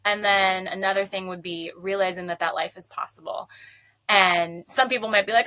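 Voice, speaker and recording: A bright, forceful-sounding woman in her thirties talks earnestly as an interview guest. Her voice is crisp and dry, with little room sound around it. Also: medium pitch, steady tone, no echo. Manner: earnest, quick, with light laughs. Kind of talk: casual interview talk.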